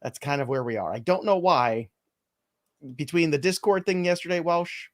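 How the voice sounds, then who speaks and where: A man hosting a live fantasy baseball stream, keeping up a wry, self-mocking running commentary. His voice sits a little higher than most men's. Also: lively intonation, moderate pace. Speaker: host.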